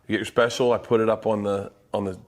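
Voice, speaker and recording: A middle-aged man, a stand-up comedian, telling excited stories in a casual podcast chat. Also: quick pace. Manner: excited, animated storytelling with jumps in pitch.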